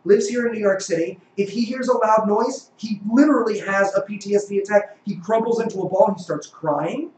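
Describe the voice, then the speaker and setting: A man's voice: high voice, brisk, few pauses, a little mellow, reverberant, a little hiss or hum, rough recording. A man who is a guest in a live debate and argues in an earnest, explanatory way.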